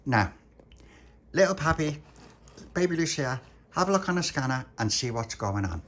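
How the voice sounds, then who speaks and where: A man's voice: on the high side, big pitch swings, moderate pace, fairly bright tone. Man telling a rambling bedtime story. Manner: rambling, playful, restarts often. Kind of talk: improvised family bedtime story.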